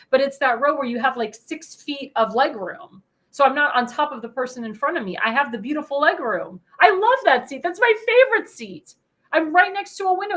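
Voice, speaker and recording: A young woman with a high, bright voice hosts her own talk show. She delivers an indignant opinion monologue and turns to her viewers again and again. Her tone is forceful and her delivery animated. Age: young adult. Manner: indignant, ranting, addresses viewers directly.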